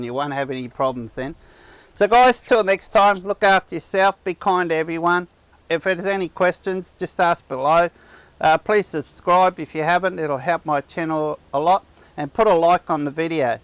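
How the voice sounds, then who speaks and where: Chatty man, smooth and dry. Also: on the high side, fairly bright tone, no room sound. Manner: rambling, chatty, with restarts. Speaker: camping channel host. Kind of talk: casual vlog chat. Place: outdoor campsite on a cattle property.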